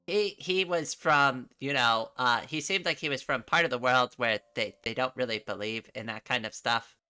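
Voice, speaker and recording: A woman's voice: a bass voice, normal speed, pushed and bright, clear, resonant tone. A middle-aged woman from New England chatting casually on a livestream from her room, rambling and laughing often. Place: home room.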